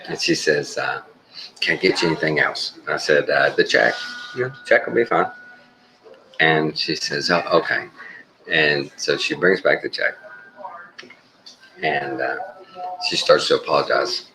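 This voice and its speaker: A man from Texas with a Texan accent tells a story casually on a live stream, halting often with "uh" pauses. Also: very deep voice, music in the background, poor audio. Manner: halting, unhurried, full of "uh" pauses.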